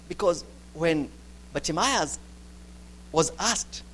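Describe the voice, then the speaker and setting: A man delivers a sermon. He moves between loud, urgent stretches and quiet, hushed ones. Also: sits high, lively intonation, moderate pace, slight background noise. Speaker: preacher.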